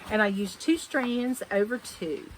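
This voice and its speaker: A woman's voice: mid-range voice, lively intonation, measured pace, a little hiss or hum, low-quality recording. A woman chatting casually at home about her cross-stitch projects, rambling and correcting herself as she goes. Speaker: cross-stitch vlogger host. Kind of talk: casual show-and-tell chat.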